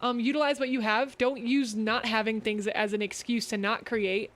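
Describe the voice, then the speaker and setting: A woman hosts a casual streamed talk, reading chat questions aloud and answering them with encouraging advice. Her voice sits a little higher than usual. She sounds like she is talking into a streaming mic. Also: fairly even intonation, normal speed, fairly bright tone. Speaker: host.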